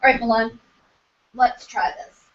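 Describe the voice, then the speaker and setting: Woman violin teacher, kinda high voice, patient, roomy lo-fi call with violin playing behind. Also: steady tone, a little slow. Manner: patient, encouraging, sings bowing syllables. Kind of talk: online teaching demonstration.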